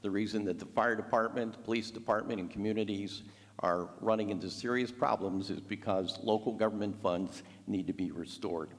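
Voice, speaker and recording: A man delivering a closing statement as a candidate, in punchy, forceful campaign rhetoric. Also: lowish voice, fairly quick. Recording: long reverb of a hall.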